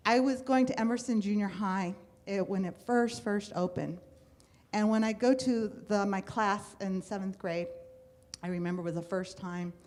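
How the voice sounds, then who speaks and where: A middle-aged woman from the United States tells her own story to an audience in a live talk. She speaks in an animated way, slipping into the voices of the people she quotes. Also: mid-range voice, moderate pace.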